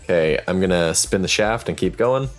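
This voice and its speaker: A man's voice: sits low, expressive, moderate pace, faint music behind. A man playing a tabletop game, matter-of-factly calling out his attack rolls. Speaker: player. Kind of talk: casual tabletop play.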